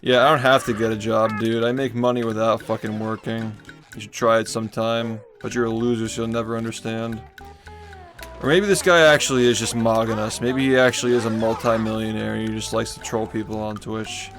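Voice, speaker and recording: A young male streamer rants at his chat, sarcastic and profane, mocking as he goes. His low voice is gravelly and fairly flat, with game music playing clearly behind. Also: a little fast. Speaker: livestreamer. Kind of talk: ranting at chat on a live stream.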